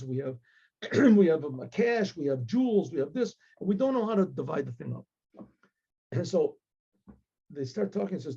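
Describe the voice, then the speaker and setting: A man, a rabbi, telling a story with animated delivery, acting out the voices of the characters. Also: fairly high pitch, gravelly, slightly rough, highs cut off.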